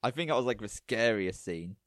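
A man co-hosting a casual podcast, talking in a loose, rambling way with plenty of fillers. His voice sits on the low side, and the recording is dry and close with no room sound. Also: fairly quick, no room sound. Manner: relaxed, rambling with many fillers. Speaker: podcast co-host. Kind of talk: casual chat.

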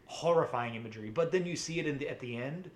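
A man's voice: fairly high pitch, quick pace. A man co-hosting a podcast, talking casually and enthusiastically, swearing often and rambling with many restarts. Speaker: podcast co-host. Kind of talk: casual chat.

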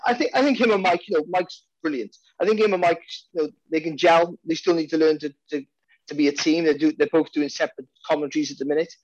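His sentences keep restarting and words repeat as this Welsh-accented boxing commentator chats loosely on a podcast. The voice is fairly high and fast, with no echo and lo-fi sound.

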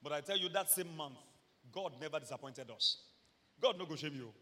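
A Nigerian man preaching a sermon as pastor, animated, shouting at peaks and slipping in humorous stories. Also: a little high, a little fast, big-room sound, slight background noise.

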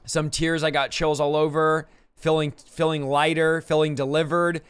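Man host excitedly reading viewer comments. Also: on the high side, clean tone, dry recording. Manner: quick, excited listing. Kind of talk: live stream, reading comments aloud.

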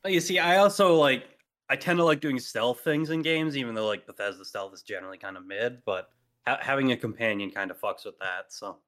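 Loud, emphatic podcast co-host man. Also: mid-range voice, fairly quick. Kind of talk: casual chat.

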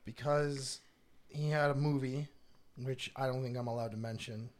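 A man co-hosting a casual podcast who tells absurd stories in a deadpan way. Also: mid-range voice, normal speed. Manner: deadpan comic storytelling. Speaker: podcast co-host.

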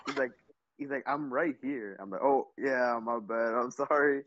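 A man's voice: mid-range voice, normal speed, a bit bright. A young man telling a story in casual chat, with loose stumbling restarts. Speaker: podcast co-host. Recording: dry, dull lo-fi sound.

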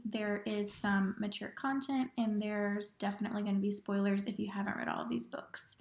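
A woman podcast host in a breezy, casual tone, briefly laughing through her words. Her slightly high voice echoes in a roomy space. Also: a little mellow. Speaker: podcast host reading disclaimers. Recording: echoey room.

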